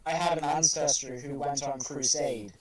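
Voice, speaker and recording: An Irish man in a casual chat, excitable and swearing often. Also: a little high, moderate pace, over a noisy crowd, poor audio. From Ireland. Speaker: guest on stream.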